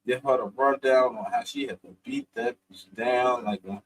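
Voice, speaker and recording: A man's voice: mid-range voice, animated, normal speed, a little hiss or hum, poor audio. A man casually recapping a reality show, slangy and profane, laughing often as he talks. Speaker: reality TV reviewer.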